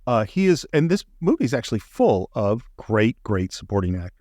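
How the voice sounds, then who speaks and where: A man's voice: mid-range voice, sing-song, brisk, a little mellow, dry recording, clean studio sound. A middle-aged man co-hosting a podcast, enthusiastically recapping a movie scene by scene in casual chat. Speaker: podcast co-host. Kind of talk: casual film discussion.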